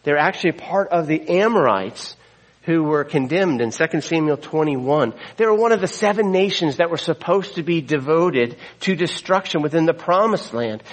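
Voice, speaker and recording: A man's voice: on the high side, rough recording. A man preaching a sermon as a pastor, retelling the story in a conversational way with asides to the congregation.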